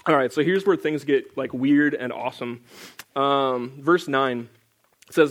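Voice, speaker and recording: A man's voice: mid-range voice, unhurried, fairly bright tone. A young man leading a casual Bible study, reading scripture aloud and then explaining it in a loose, chatty way full of filler words. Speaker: Bible teacher.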